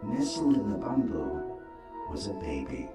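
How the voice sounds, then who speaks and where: Low guy narrating a fairy-tale intro, sounds far off in a roomy space with big music over it. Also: sing-song. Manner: measured, storytelling. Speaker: game narrator. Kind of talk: scripted storybook narration. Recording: roomy game audio, distant, loud music. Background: loud game score.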